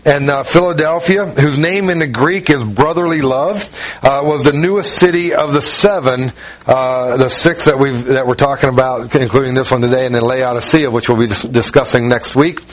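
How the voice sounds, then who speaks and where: A man with a Southern US accent, from Ohio, preaching in a relaxed, folksy, self-mocking way with many fillers. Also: medium pitch, moderate pace. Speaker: pastor. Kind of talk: conversational sermon.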